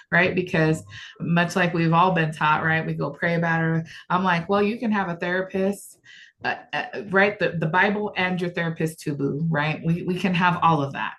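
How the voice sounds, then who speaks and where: Low-voiced woman making a thoughtful point. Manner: thoughtful, builds points with repeated "right?". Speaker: panelist. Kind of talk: earnest panel discussion.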